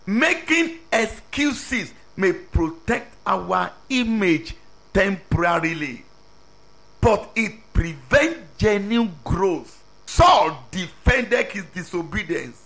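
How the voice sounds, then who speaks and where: A man preaching a sermon slowly and deliberately, with emphatic pauses and non-native English grammar. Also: sits high, a bit bright.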